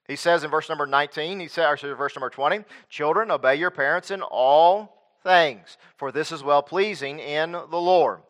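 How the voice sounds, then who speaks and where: A man delivers a sermon in a bright, slightly high voice. He preaches emphatically, repeating phrases and circling back on his words as he goes. He often turns to the congregation for agreement. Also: moderate pace. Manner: emphatic preaching with repetitions and restarts. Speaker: pastor.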